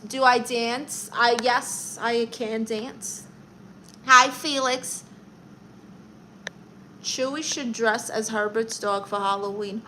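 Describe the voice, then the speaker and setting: A woman's voice: fairly high pitch, fairly even intonation, slow, pauses often, bright, forceful tone, slight background noise, rough recording. A woman hosting a casual livestream, reading viewer comments aloud in a chatty, playful way and laughing at herself. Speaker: livestream host.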